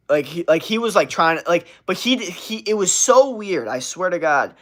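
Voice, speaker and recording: A man's voice: high voice, sing-song, normal speed, few pauses, fairly bright tone. A young adult man livestreaming, telling a rambling, profane story with constant "like" fillers. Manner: rambling and profane, heavy use of "like".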